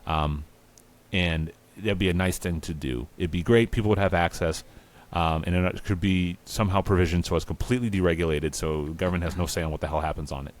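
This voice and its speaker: A man's voice: deep voice, fairly even intonation, brisk, lightly acted. A man playing a hapless, easily outraged adult man who rants and swears when things go wrong. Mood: ranting. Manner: exasperated ranting, profane.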